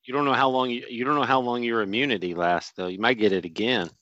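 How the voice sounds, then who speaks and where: A man co-hosting a podcast with deadpan, wry remarks. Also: mid-range voice, quick pace, no room sound. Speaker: podcast co-host. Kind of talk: casual chat. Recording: dull lo-fi mic.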